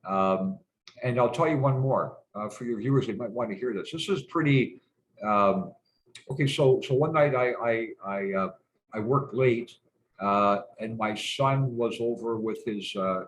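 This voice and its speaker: A man's voice: mid-range voice, measured pace, rough recording. Rambling, hesitant man. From Canada. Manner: rambling and hesitant, heavy fillers and restarts, salty swearing. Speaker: guest. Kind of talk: casual reminiscing conversation.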